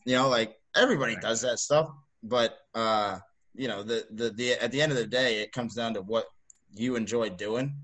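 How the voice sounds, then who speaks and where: A man's voice: medium pitch, normal speed. Easygoing man, rambling casual talk. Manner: relaxed, rambling, heavy on "like" and "you know". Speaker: podcast co-host. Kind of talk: casual chat.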